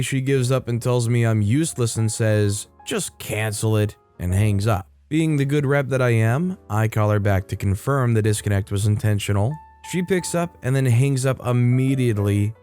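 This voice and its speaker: A man hosting a story channel, reading stories aloud in a brisk, upbeat narration style. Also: medium pitch, a little mellow.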